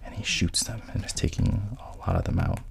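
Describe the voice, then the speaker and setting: A man's voice: lowish voice, huge pitch swings, a little fast, creaky, a little hiss or hum. A man casually retelling a film's plot, quoting the characters in his own voice and often sinking to a whisper. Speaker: storyteller retelling a film plot.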